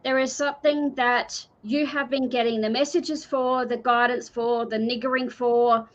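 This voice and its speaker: A woman's voice: a little high, little pitch movement, normal speed. An Australian woman giving a live intuitive card reading in an earnest, repetitive, pleading manner. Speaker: card reader. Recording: dull lo-fi stream audio.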